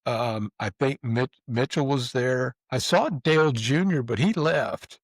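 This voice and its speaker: In a casual storytelling chat, this podcast host, a man aged 50 or older, wanders through colorful, profane anecdotes, restarting sentences and performing the quotes. He talks at an ordinary middle pitch and a slightly slow pace, captured up close in a dry recording without any room echo.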